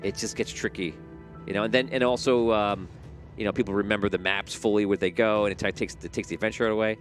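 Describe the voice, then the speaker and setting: A man's voice: lowish voice, fairly even intonation, quick pace, faint music behind. A man acting as game master who rephrases himself as he explains rulings to his players. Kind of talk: running a tabletop game.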